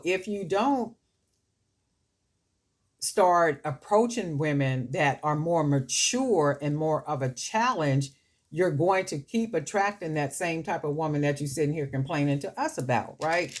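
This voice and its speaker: A woman with a fairly low, expressive voice hosts a jewelry-making video at a moderate pace. She chats and rambles while she works, telling stories and addressing viewers like family, and her voice dips and drifts off-mic as she handles beads. It's casual conversation while crafting.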